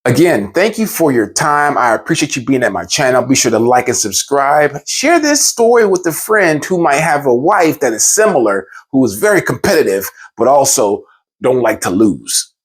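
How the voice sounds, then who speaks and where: A man telling a funny personal story in an expressive, theatrical way, then signing off his channel. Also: medium pitch, normal speed, breathy edge. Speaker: storyteller, YouTuber. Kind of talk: animated storytelling speech.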